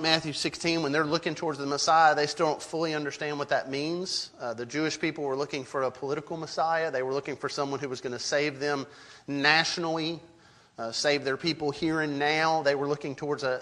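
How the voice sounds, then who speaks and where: A middle-aged man delivers a sermon with earnest emphasis, his voice sitting a little higher than most men's. He often repeats a word as he begins a thought, pressing each point home as a pastor to his congregation. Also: a bit bright. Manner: earnest, repeats words when starting sentences, emphatic.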